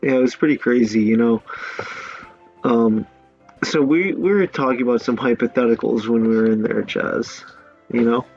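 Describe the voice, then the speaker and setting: A man's voice: mid-range voice, normal speed, a little mellow. Man hosting, prompting his co-hosts. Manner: steers the talk with prompting questions. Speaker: podcast host. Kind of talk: casual comedic chat. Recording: muffled lo-fi podcast audio, faint music.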